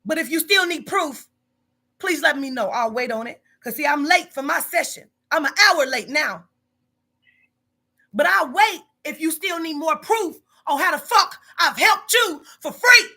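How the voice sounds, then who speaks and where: High, sharp-voiced woman ranting. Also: lively intonation, normal speed. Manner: confrontational, profane, emphatic repetition. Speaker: boss of a psychic reading business. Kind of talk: heated monologue to a staff member.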